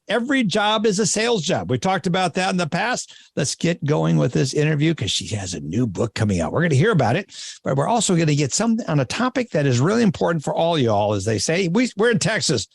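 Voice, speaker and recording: A man's voice: a little high, very animated, brisk, vocal fry, no echo, studio quality. A man from Minnesota hosting a podcast interview, chatty and enthusiastic. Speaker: podcast host. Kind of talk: casual interview chat.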